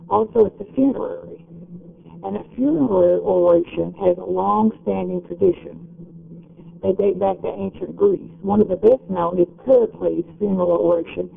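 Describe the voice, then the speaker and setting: A man giving an explanatory lecture in a measured, step-by-step way. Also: high-pitched, gravelly, narrow, tinny audio.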